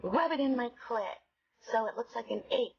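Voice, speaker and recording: A woman's voice: a little high, animated, moderate pace, vocal fry, a little hiss or hum. A woman making a prank phone call, speaking in a falsely patient, sarcastic way. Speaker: prank caller.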